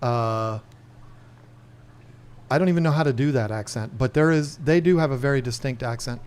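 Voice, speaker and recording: A man hosting a casual livestream chat, rambling easily from one thing to the next. He talks at an ordinary middle pitch and speaks straight to the camera. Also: normal speed, darkish tone, clear, resonant tone. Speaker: livestream host.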